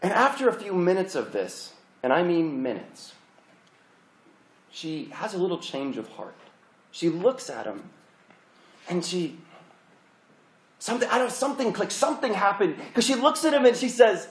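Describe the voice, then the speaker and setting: Animated young male preacher, echoey hall. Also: sits high, normal speed, long pauses. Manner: animated, chatty, with many restarts. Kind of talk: storytelling sermon. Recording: roomy hall echo.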